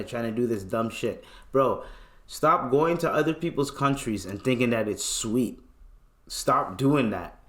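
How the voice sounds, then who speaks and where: A man hosting a podcast alone, ranting loosely with lots of slang and swearing. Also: medium pitch. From Canada. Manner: loose, profane, rambling rant with slang. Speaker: podcast host. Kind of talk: casual solo commentary.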